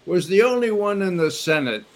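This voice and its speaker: A man's voice: high voice, very animated, moderate pace. A man speaking as a guest on a remote roundtable, earnest and indignant, quoting officials to back his argument. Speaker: former intelligence analyst guest. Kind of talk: roundtable discussion.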